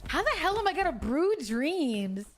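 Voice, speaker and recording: A woman's voice: high-pitched, big pitch swings, moderate pace, faint music behind. Giggly, crude young woman streamer. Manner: giggly, crude, chatty with chat. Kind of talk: casual gaming stream chat.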